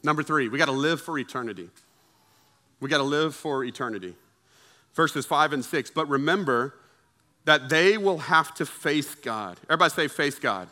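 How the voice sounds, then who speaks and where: A man's voice: fairly high pitch, animated, normal speed, sharp tone. A male pastor preaching a sermon in a conversational way, acting out the voices of friends and coworkers to make his point. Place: church service with congregation.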